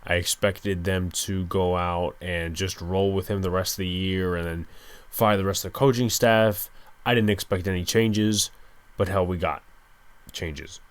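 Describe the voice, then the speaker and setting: A young man hosting a solo sports podcast, speaking low and hushed late at night, with a resigned, frustrated fan's tone. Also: fairly even intonation, measured pace, clean tone. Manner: resigned, frustrated fan rant. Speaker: podcast host.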